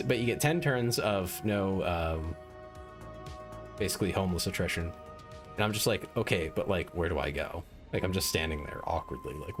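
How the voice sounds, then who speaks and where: A man with a very low voice talks loosely over his game, rambling and poking fun at himself as he goes. Faint game music plays quietly under him while he speaks into a desk mic. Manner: rambling and self-mocking, many "like" fillers. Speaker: game streamer. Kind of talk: casual gaming stream chat.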